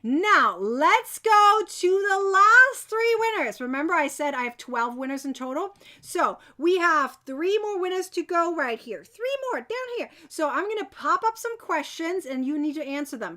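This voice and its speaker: A woman with a high-sitting voice hosts a live crochet giveaway stream, chatting with viewers and cheering on winners. She's bubbly, bursting with quick moments of excitement.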